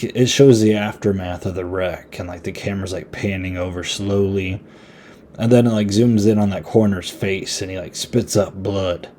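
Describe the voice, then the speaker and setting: A man's voice: on the low side, mellow, slight background noise. A man hosting a podcast, giving a casual, rambling horror movie review in a laid-back, chatty way. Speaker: podcast host.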